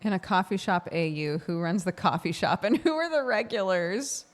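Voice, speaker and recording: A woman's voice: mid-range voice, lively intonation, normal speed. A woman streamer from Oregon chatting casually with her audience, rambling with lots of fillers and frequent laughs. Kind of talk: casual chat with chat.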